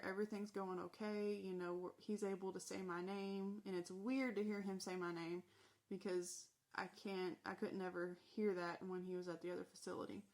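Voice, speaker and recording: A woman, a former corrections officer, recounting her own story in the first person and quoting the dialogue matter-of-factly. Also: medium pitch. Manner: matter-of-fact retelling with quoted dialogue.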